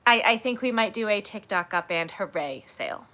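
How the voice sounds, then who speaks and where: A woman's voice: mid-range voice, animated, moderate pace, bright, forceful tone. A woman hosting a crochet livestream, chatting casually and rambling, with frequent "like" and "um" and gushing asides.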